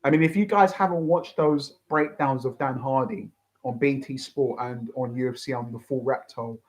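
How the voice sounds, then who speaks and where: A man's voice: medium pitch, fairly even intonation, moderate pace, rough recording. A young man hosting a fight reaction, ranting and swearing as he repeats himself. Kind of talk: excited fight reaction commentary.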